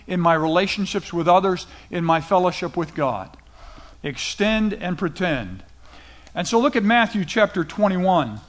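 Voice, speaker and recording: Middle-aged male pastor, high-pitched, casual storytelling sermon delivery. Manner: conversational preaching, retells scripture in casual paraphrase.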